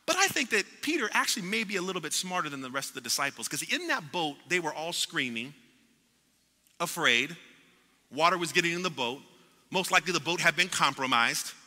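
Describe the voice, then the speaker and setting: Impassioned high-voiced man preaching, bright. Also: big pitch swings, brisk. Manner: impassioned preaching with repetitions and acted-out quotes. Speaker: pastor. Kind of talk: sermon. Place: church sanctuary. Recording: long hall reverb in a church.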